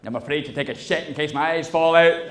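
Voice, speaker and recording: A man's voice: a little high, fast talker, background noise. A man in his forties doing a stand-up routine, telling a wry, self-mocking story with sweary punchlines. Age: 40s. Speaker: stand-up comedian.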